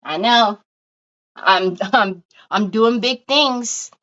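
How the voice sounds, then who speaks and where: A woman's voice: fairly high pitch, drawn-out words, a bit bright, lo-fi sound. A woman hosting a casual craft livestream, chatty and giggly, greeting viewers by name as she talks into her phone at home.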